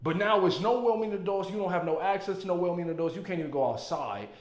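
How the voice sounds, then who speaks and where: Guy ranting about a movie, swoops up and down a lot, kinda high voice, echoey room. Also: quick pace. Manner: animated, emphatic and profane. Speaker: movie reviewer. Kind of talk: casual movie commentary. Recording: roomy echo.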